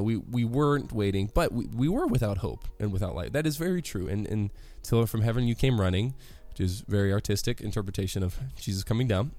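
A man's voice: lowish voice, dark tone. A man giving a casual devotional talk on a worship song, rambling and correcting himself with many fillers.

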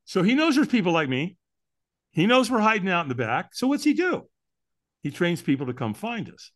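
A man talks as a podcast guest, telling his story with plenty of emphasis and tossing rhetorical questions at the listener. His voice sits a little high for a man. It swings widely up and down as he goes. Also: sing-song, brisk, a bit bright. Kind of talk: storytelling in an interview.

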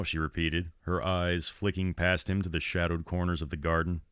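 Male horror storyteller, deep and measured, dry booth sound. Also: little pitch movement, a bit bright, clean tone, no echo. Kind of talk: reading his own horror story.

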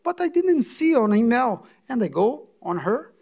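A man with a high voice gives a sermon-style testimony to a congregation. His English is halting and non-native, with frequent restarts and words repeated for emphasis. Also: big pitch swings, gravelly, a little mellow.

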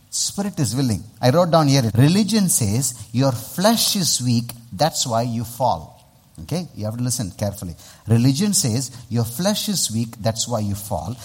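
Pastor guy, husky voice, preaching with big swings in pitch, lots of "amen?" and "hello?". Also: moderate pace. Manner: lively, call-and-response preaching with rhetorical questions. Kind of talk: sermon.

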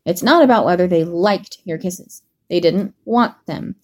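A gruff, hot-tempered young man as a woman reading the story puts him on, dropping low and growling in short, exasperated bursts. Her own voice sits fairly low to start with. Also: unhurried.

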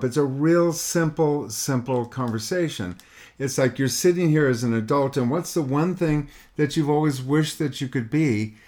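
A middle-aged man with a medium-pitched, slightly mellow voice. He gives an earnest motivational monologue to a listener, repeating his questions and acting out quoted voices.

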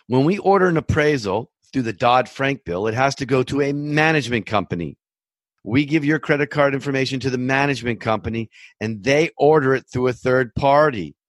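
A middle-aged man speaks as a loan officer, hammering home his warnings again and again. His voice sits at an ordinary middle pitch. The recording is dry and close, with no room sound. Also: dry recording. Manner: emphatic, repetitive warnings, storytelling asides. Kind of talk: direct-to-camera advice talk.

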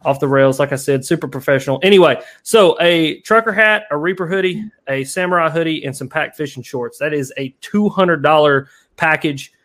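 Rambling, laughing live stream host. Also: male voice, a little high, a little fast, few pauses. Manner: rambling, laughs often, animated storyteller. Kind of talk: casual chat.

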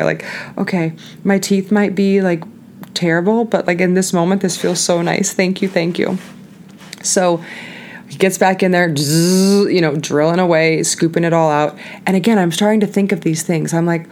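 A woman hosting a podcast, telling a personal story in a loose, candid, chatty way. Her voice sits low for a woman, and there is a faint hum of ambience behind her. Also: fairly even intonation, moderate pace. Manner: chatty, candid, laughs often, lots of "like". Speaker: podcast host. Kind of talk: casual storytelling monologue.

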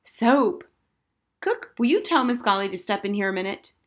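A woman's voice: medium pitch, animated, moderate pace, a bit bright, natural voice. A woman doing a prim, stern mother. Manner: firm, prim. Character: strict, proper mother, easily appalled.

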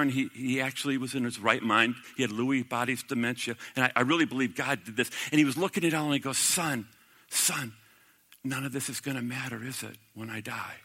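Pastor guy preaching, really bright voice, kinda high, gets fired up then goes real quiet. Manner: impassioned, swelling to emphatic peaks then dropping to hushed quotes. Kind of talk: sermon.

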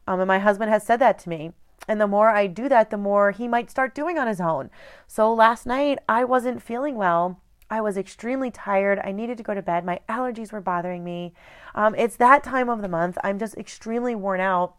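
A woman's voice: medium pitch, steady tone, normal speed, smooth. A woman in her thirties hosting a casual motivational talk, speaking in a direct, earnest and conversational way. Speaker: host.

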